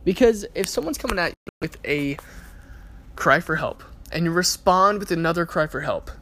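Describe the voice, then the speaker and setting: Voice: medium pitch, a bit bright. A podcast host giving a casual self-help monologue in a conversational way, often checking in with the listener by asking "right?" and laughing now and then.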